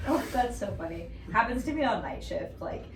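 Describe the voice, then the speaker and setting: A woman's voice: on the high side, lively intonation, normal speed. A young woman hosting a student podcast, chatting casually and laughing often. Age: young adult. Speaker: podcast host. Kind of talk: casual chat. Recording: echoey room, mic at a distance, faint hiss.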